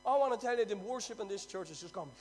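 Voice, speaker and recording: An Irish man preaching a sermon, telling stories with loud bursts and quiet asides. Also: high-pitched, animated, quick pace, slight background noise.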